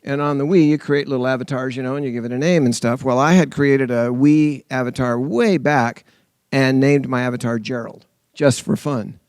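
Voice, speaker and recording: Male pastor, 60s; mid-pitched, matter-of-fact, dry close mic. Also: normal speed, a little mellow, smooth, no room sound. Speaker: pastor and podcast co-host. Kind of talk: casual podcast chat.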